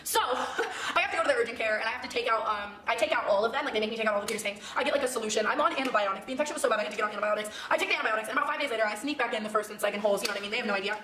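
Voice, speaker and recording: A woman's voice: a little high, rapid-fire, few pauses, echoey room, crowd noise. A woman telling a dramatic storytime in a vlog, swearing a lot. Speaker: vlogger telling a story, clip played in a reaction.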